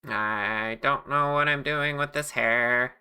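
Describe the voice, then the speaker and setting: Streamer, casual crafting chat, very sharp, crisp, chatty tone, thinks aloud at a home mic. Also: mid-range voice, slow pace. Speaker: livestreamer making plushies.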